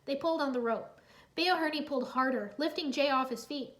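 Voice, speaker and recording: A woman narrating a children's adventure story in a lively, expressive read-aloud. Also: high voice, brisk.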